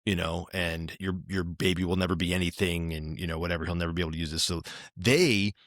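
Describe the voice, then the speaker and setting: A man's voice: deep voice, fairly even intonation, quick pace, a bit bright, no echo, studio quality. A man co-hosting a podcast, telling a long rambling story in casual chat, tagging his points with "right?". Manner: rambling, tags lines with "right?". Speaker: podcast co-host.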